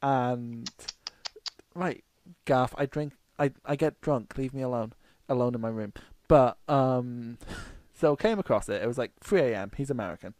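A man's voice: mid-range voice, measured pace, darkish tone, dry recording. A man from the UK co-hosting a podcast, telling rambling anecdotes in casual chat and swearing freely. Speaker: podcast co-host.

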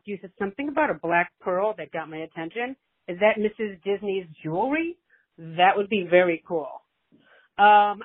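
A woman's voice comes through a tinny, narrow phone line as she leaves a voicemail. She gushes and rambles warmly, like a doting mother. Her pitch sits in a middle register. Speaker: caller leaving a voicemail. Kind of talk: affectionate voicemail message.

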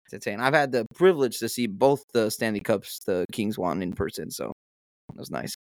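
A young man talking fast and easily, dropping swear words as he tells stories. His voice sits at an ordinary pitch and sounds dry and close, with no room around it. It comes across as a casual podcast chat. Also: lively intonation, a little mellow, dry recording. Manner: laid-back storyteller, swears freely. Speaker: podcast co-host.

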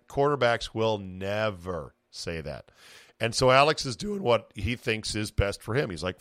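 A man's voice: fairly low pitch, big pitch swings, normal speed, fairly bright tone, no echo, clean studio sound. A man hosting a podcast, chatting about sports in a profane, opinionated way and acting out what players might say. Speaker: podcast host. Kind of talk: casual sports chat.

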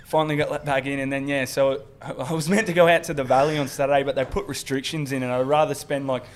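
A man's voice: mid-range voice, level tone, quick pace. A young Australian man, a comedian guest, telling crude party stories in a casual podcast chat, swearing and laughing, scattered after a big weekend. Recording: noisy podcast recording.

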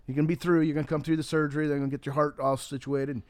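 A man's voice: fairly high pitch, flat delivery, very fast, darkish tone, no echo, close to an everyday voice. A man voicing God in a joke, as a casual, reassuring male figure.

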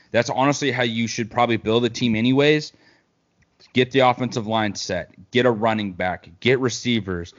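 A man's voice: medium pitch, moderate pace, muffled recording. Rambling man talking football. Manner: relaxed, rambling, with fillers. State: hiccups. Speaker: podcast co-host. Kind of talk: casual sports talk.

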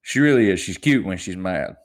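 A young man in his twenties, voice sitting a little low, rambles through stories on his solo podcast. He chuckles as he goes and keeps restarting his sentences, casual and unscripted. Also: animated, fairly quick. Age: 20s. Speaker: podcast host.

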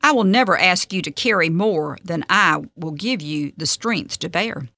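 A woman voicing God in a storybook reading, speaking gently and calmly. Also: normal speed, gravelly, no room sound, full character voice. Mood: gentle. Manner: gentle, low and soft.

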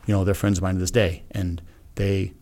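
A middle-aged man with a somewhat low voice tells a personal story as a podcast guest. He talks casually and frankly, with an earnest tone. He slips into quoting what he said back then. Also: flat delivery, fairly quick, dark tone, a little hiss or hum. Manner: earnest, frank, acts out his own past remarks. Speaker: podcast guest, retired Navy SEAL.

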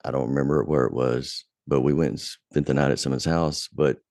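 A man's voice: very deep voice, a little fast, no echo, studio quality. A man telling a profane story in casual podcast chat, his voice climbing when he gets angry. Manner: profane, animated retelling, voice rising when angry. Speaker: podcast guest.

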